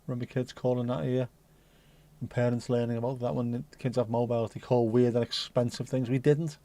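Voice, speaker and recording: A man's voice: medium pitch, little pitch movement, a little fast, warm tone. A middle-aged man hosting a casual livestream and chatting in a playful, cheeky, rambling way. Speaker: livestream host.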